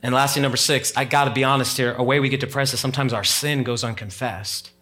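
A man's voice: medium pitch, fairly even intonation, quick pace, sharp tone. A man preaching a sermon as pastor, talking casually to the congregation and rising to emphatic, heightened moments.

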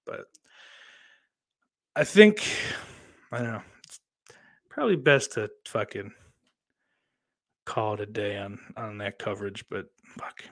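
A man's voice: lowish voice, big pitch swings, slow, long pauses. Profane rambling male streamer. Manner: profane, rambling, swings from ranting to subdued. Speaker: streamer host. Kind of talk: casual live-stream commentary.

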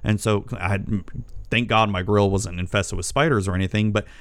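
A man's voice: lowish voice, steady tone, normal speed, no room sound, clean studio sound. A middle-aged man casually ranting as a vlogger, profane, rambling and exasperated as he tells a story. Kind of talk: casual rant. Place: home.

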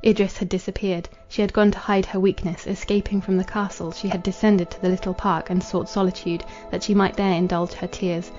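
A woman narrates a literary novel in a measured, formal way, her voice mellow and dark in tone. Her pitch stays flat and level from line to line. The recording sounds dull and lo-fi, with faint music underneath. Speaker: audiobook narrator.

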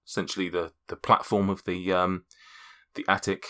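Halting, bright-voiced male game master. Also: deep voice, little pitch movement. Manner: halting, many fillers and restarts. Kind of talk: narrating a tabletop game.

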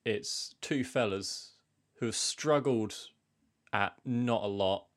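A young man co-hosting a podcast in casual chat, deadpan and self-mocking. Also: lowish voice, slow. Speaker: podcast co-host.

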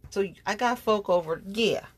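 A woman's voice: mid-range voice, normal speed. A woman, hosting a casual rant to her listeners, blunt and profane, venting with slang and big swings in her voice.

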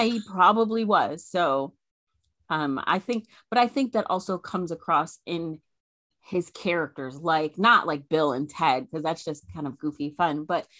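A woman's voice: low-pitched, measured pace, bright, forceful tone, no echo. A woman co-hosting a podcast in casual chat, chatty with many fillers and frequent laughter. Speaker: podcast co-host.

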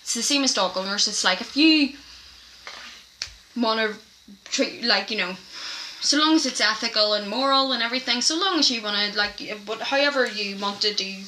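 A chatty woman talks casually on a podcast, sitting a little high in pitch with a very bright, forward tone. She tells stories in an animated way, full of fillers and restarts. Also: normal speed, a little hiss or hum, poor audio. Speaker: podcast co-host. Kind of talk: casual chat.

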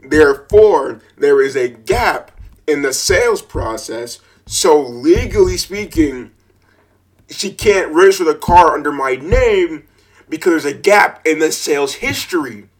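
A man telling a frustrating story in a casual rant, swearing freely and repeating himself as his anger builds into shouting. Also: a little high, lively intonation, measured pace. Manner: repeats words and restarts while recalling.

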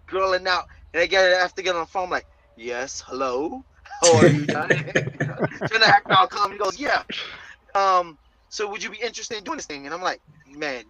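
A man guest on a comics interview show, telling an excitable, animated story and acting out the voices in it. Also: high-pitched, highs cut off. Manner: excitable, acts out quoted voices.

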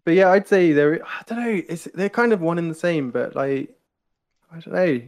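British man, casual guest chat, gravelly voice, rambling with fillers. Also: fairly high pitch, animated, moderate pace, a little mellow. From Britain. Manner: chatty, laughs often, many fillers. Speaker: guest impressionist.

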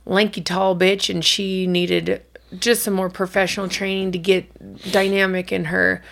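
A woman's voice: medium pitch, flat delivery, a little slow, creaky, a bit bright, a little hiss or hum. A middle-aged woman co-hosting a podcast, telling stories in a casual, chatty way and swearing now and then. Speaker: podcast co-host. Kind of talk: casual chat.

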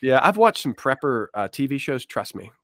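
A podcast co-host chats casually with self-deprecating jokes and asides, his mid-range, fairly bright voice swinging widely in pitch at a normal pace. The recording is dry with clean studio sound.

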